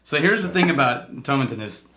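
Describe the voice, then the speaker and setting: A man's voice: mid-range voice, animated, brisk, bright, forceful tone, reverberant, slight background noise. A man co-hosting a whiskey tasting show, chatting casually and explaining with enthusiasm. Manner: explanatory, enthusiastic, laughs easily.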